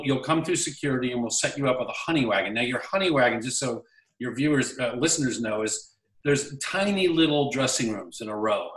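A man's voice: mid-range voice, echoey room, far from the mic, low-quality recording. Man telling a showbiz story. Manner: animated storyteller acting out quoted lines. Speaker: actor guest. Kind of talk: casual anecdote storytelling.

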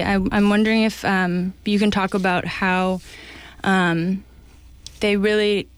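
A woman hosting a radio interview speaks in a low, flat tone and feels her way through a long question. The sound is dry and close. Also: dry recording. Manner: hesitant, with fillers. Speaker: radio host.

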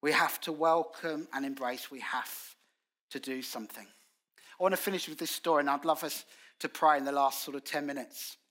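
A man preaches in a church, his voice sitting a little high and ringing bright. He tells stories with energy, acting out quotes in colloquial British phrasing. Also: normal speed. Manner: animated storytelling with acted quotes. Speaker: guest preacher. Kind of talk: sermon.

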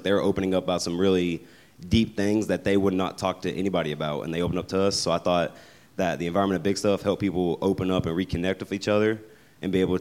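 A man's voice: sits low, a little mellow. A young man casually sharing a testimony about church camp, in a rambling way.

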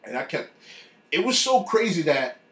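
A man's voice: high-pitched, very animated, normal speed, a bit bright. A man casually telling a personal faith story. He talks with animation and acts out the voices of people he quotes. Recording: echoey room.

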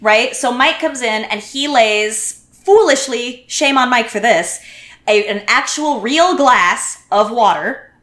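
A woman guest telling a story in casual chat, animated and full of restarts. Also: fairly high pitch, slow pace. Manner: animated, lots of restarts and quoted voices. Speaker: podcast guest. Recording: roomy echo.

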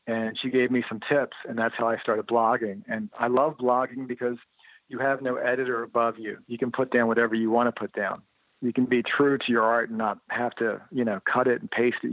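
Speaking briskly in a mid-range voice with no echo, a man is heard through a thin, phone-like line that's dry and close. He's an interview guest, a motorcycle writer and blogger, telling lively anecdotes in a casual way and mimicking the people he quotes.

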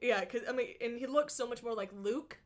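A young woman co-hosting a casual chat, excitable and gushing, often acting out lines. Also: a little high, brisk.

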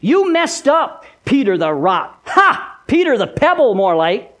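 A man voicing a taunting male devil who sneers and jeers at his victim, in a raised, louder voice than his preaching. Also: very high voice, very animated, unhurried, exaggerated voice. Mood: mocking. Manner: jeering, scornful taunts.

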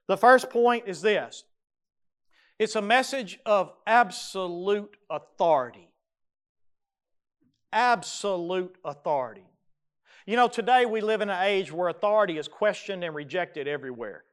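A male pastor, delivering a sermon in a high and notably smooth, resonant voice. He is emphatic, hammers home repeated phrases and slips in folksy asides. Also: expressive, normal speed.

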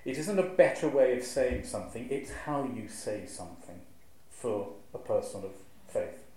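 A clergyman gives a lively, wry talk to an audience and beats out the rhythm of the verse he recites. His voice is mellow and warm. He was recorded in a large, very echoey church hall with a faint hum of room noise behind him. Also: mid-range voice, normal speed. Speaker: clergyman giving a talk on preaching. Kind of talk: lecture to a live audience.

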